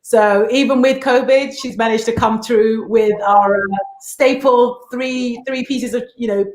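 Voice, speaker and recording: A woman's voice: a little high, steady tone, unhurried, darkish tone. A woman co-hosting a podcast, chatting casually and animatedly with playful teasing. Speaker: podcast co-host. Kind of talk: casual chat. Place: home in the States. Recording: roomy echo.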